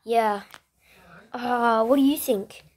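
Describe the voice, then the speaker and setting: A woman's voice: fairly high pitch, slow, a little mellow, breathy edge. A woman improvising a playful plush toy video, switching between many toy character voices.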